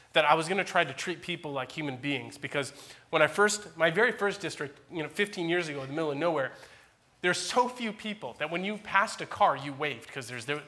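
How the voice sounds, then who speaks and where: A man in his forties, a pastor preaching a church sermon with animated, dramatic emphasis that swings between loud peaks and quiet asides. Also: a little high.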